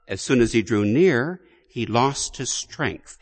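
Slow, deliberate preaching man. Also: medium pitch, expressive, slightly rough. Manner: slow, deliberate preaching with emphatic rises and quiet drops. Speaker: Catholic priest. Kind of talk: sermon.

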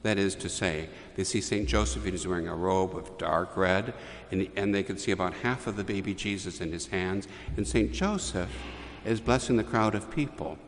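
Low-voiced guy giving a homily, slow careful retelling, echo hangs in the church. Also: slight background noise. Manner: measured storytelling with restarts. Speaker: priest.

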